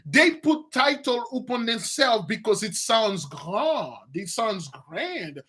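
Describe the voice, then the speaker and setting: A man speaking as a religious teacher, giving an excitable, scornful and repetitive preaching-style commentary on a TV series. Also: extremely high pitch, unhurried, few pauses, breathy edge.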